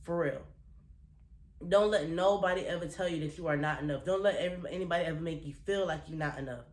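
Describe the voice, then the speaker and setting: She talks fast in a deep voice, and the recording has a roomy sound. A woman vlogger, she gives her viewers a blunt, profane, earnest motivational speech, repeating phrases for emphasis and close to tears.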